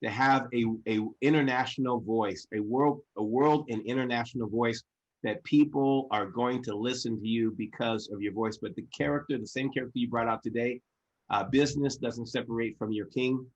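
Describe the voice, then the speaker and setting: A man hosts an online business gathering and gushes over his guest in a fervent, motivational way. He circles back and repeats phrases as he builds up to blessings. His voice sits in a middle pitch, and the call audio is dull and lo-fi. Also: normal speed. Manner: effusive, praising, repeats himself with restarts. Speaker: host.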